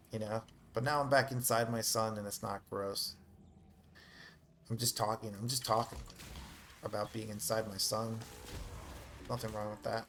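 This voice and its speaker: A man's voice: on the low side, flat delivery, normal speed, long pauses, a bit bright, a little hiss or hum. A man chatting casually while live-streaming a video game, rambling with lots of fillers and joking at his own expense. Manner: rambling, filler-heavy and self-mocking.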